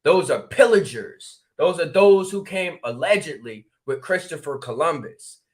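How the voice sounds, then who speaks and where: An animated man whose voice is on the high side tells a story in casual talk. He's a spiritual regression practitioner from New Haven, Connecticut, and he acts out dialogue with quick exclamations.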